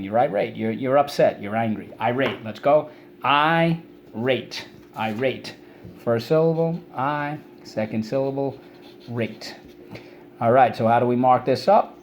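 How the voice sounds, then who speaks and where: A man with a mid-range voice leads children through a vocabulary lesson, calling out words for them to repeat. A faint hiss of background noise sits under the recording. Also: mid-range voice. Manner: energetic, calls out words for students to repeat. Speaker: teacher.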